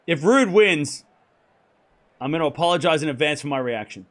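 A hoarse man hosting a live tennis stream, talking excitably and rambling while chatting with viewers. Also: a little high, moderate pace. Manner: excitable, rambling, self-correcting. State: hoarse from hours of shouting.

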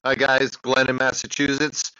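Male caller, tense bright voice, rambling anecdote, muffled lo-fi message. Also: mid-range voice, monotone, moderate pace, smooth, no echo. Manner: chatty storyteller, many uhs. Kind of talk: recorded voicemail question.

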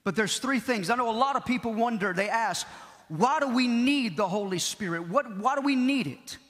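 A man preaching a Pentecostal sermon, impassioned, repeating key phrases and shouting at the peaks. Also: extremely high pitch, expressive, normal speed. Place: large church hall. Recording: long hall reverb.

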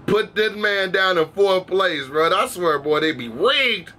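A man's voice: sits high, animated, unhurried, sharp tone. A young man giving casual reaction commentary in a slangy, profane, laid-back way, calling viewers bro. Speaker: reaction video host.

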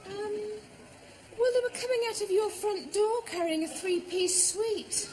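Sitcom, naive housewife, um-ing and well-ing, really high voice, noisy tv sound. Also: female voice, unhurried, darkish tone. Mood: hesitant. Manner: hesitant, fills with um and well. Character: naive, well-meaning housewife, flustered and hesitant. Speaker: neighbour's wife. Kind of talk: sitcom acting.

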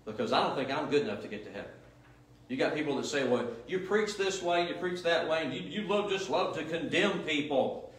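A man's voice: a little high, expressive, a little fast. Emphatic preaching man, echoey church. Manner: emphatic, repetitive preaching with rhetorical questions. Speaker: pastor. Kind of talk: sermon. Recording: echoey room, mic at a distance.

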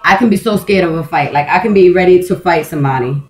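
A woman's voice: on the low side, fast talker, darkish tone, rough recording. A woman vlogging in a casual, rambling monologue. She swears freely, restarts her sentences often and says "like" a lot, and she speaks in a blunt, intense way. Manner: profane, blunt and streetwise; intense and emphatic.

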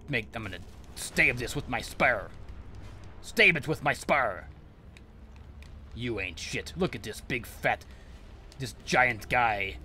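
A man's voice: mid-range voice, pushed and bright, a little hiss or hum. A man giving profane comedic commentary while playing a game, boasting like a mock villain and yelping at sudden scares. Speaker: let's play gamer.

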